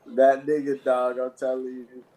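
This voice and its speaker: A man guesting on a comedy podcast, talking in relaxed slangy banter. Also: mid-range voice, a little slow. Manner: laid-back slangy banter, laughs often. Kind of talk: casual comedic chat.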